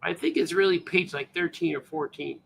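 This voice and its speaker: A man's voice: on the high side, normal speed, gravelly, slight background noise. A man, a cartoonist, chatting casually and rambling on a livestream while showing his comic pages, often saying "hey, man.". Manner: laid-back, rambling, says "hey, man" a lot.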